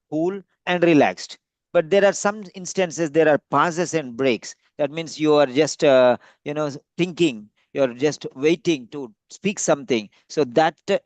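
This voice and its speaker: Male tutor, patient and explanatory, voice a touch high and dry. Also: normal speed, dry recording. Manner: patient, repetitive, explanatory with frequent fillers. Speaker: speaking-test tutor. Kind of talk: giving feedback in a practice session.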